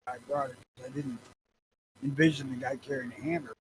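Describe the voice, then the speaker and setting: A man's voice: medium pitch, level tone, brisk, noisy background. A man co-hosting a podcast in casual chat, talking in a laid-back, rambling way. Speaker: podcast co-host.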